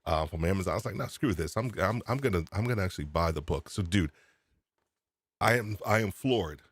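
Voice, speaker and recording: A man with a very low voice hosts a casual live podcast stream. He is excitable, laughs often and repeats himself, speaking close to a desk microphone in a dry, dead-sounding room. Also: brisk, dry recording. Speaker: podcast host. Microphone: USB desk microphone.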